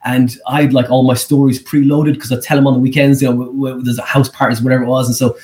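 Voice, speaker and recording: An Irish man, a comedian and guest, telling rambling, animated stories in a casual podcast interview. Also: fast talker. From Ireland. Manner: animated, rambling storyteller with pitch leaps.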